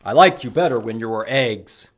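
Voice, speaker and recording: A man voicing a grumpy, stern male bear in a picture-book reading, gruff and curt. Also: mid-range voice, sing-song, normal speed, a little mellow.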